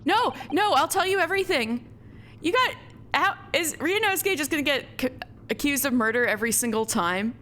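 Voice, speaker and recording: A woman's voice: high-pitched, lively intonation, normal speed, noisy background. A young woman streaming a game, giggling and reading lines aloud. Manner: giggly, reads characters aloud with put-on voices. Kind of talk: let's play, reading dialogue aloud. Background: game music.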